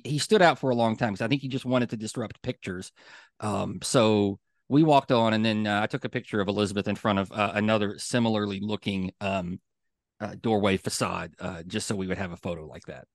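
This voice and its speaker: A man's voice: fairly low pitch, steady tone, normal speed, no echo. Chatty male podcast host, dry sound. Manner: chatty storyteller, many fillers, gets fired up. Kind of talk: casual chat.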